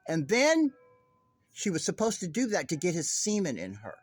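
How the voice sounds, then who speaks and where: A man's voice: high voice, huge pitch swings, normal speed, slightly rough, no room sound, soft background music. A man delivering a heated true-crime monologue straight to his viewers, agitated, profane and rambling. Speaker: online commentator.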